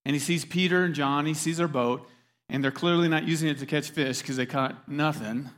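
A man's voice: fairly high pitch, fairly quick, fairly bright tone. A man preaching a sermon in a conversational, emphatic way, turning to the audience with questions. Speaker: pastor.

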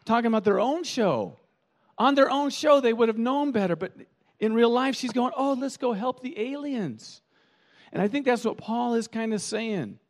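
A man's voice: very high-pitched, moderate pace. A man pastor preaching a sermon, telling stories animatedly and often repeating words as he thinks. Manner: animated storytelling with quoted voices.

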